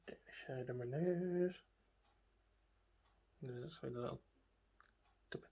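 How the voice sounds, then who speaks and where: Gravelly-voiced woman chatting through her makeup. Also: a bass voice, takes it slowly, mellow, highs cut off. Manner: chatty, talks to herself while working, trails off into murmurs. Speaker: beauty vlogger. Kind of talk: casual makeup tutorial.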